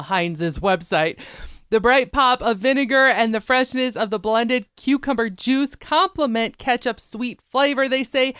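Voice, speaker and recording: A woman co-hosting a talk show, chatty and upbeat as she reads out food news. Her voice is smooth and resonant. The sound is dry and close. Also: fairly high pitch, a bit bright, dry recording. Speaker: co-host. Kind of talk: casual show chat.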